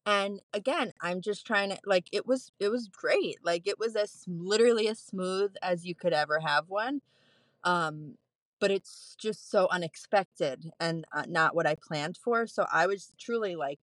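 A woman in her thirties, a postpartum nurse, telling a candid personal story as a podcast guest, animated and laughing often. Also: on the low side, unhurried, no room sound.

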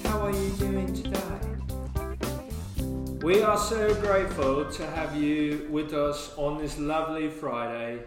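A man's voice: fairly high pitch, a little slow, pauses often, over music. Hyper jokey man in an echoey church. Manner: hyper and jokey, hyped up on caffeine. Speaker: podcast co-host. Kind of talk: casual chat. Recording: very echoey room.

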